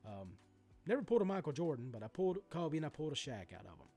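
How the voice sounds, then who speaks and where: A man in his forties rants about sports card prices, his pitch swinging up and down as he gets worked up. He swears freely, wanders into asides and trips over restarts. Soft music sits faintly behind him. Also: fast talker. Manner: animated, profane ranting with many asides and restarts. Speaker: sports card collector vlogger. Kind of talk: ranting vlog commentary.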